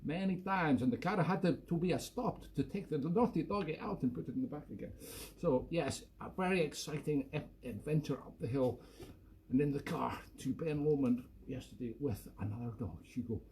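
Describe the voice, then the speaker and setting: Scottish man, self-mocking home-show host, fairly high and warm. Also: moderate pace, a little hiss or hum. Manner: playful, jokey and self-mocking. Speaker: accordion player hosting a weekly live show. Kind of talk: casual chat between tunes.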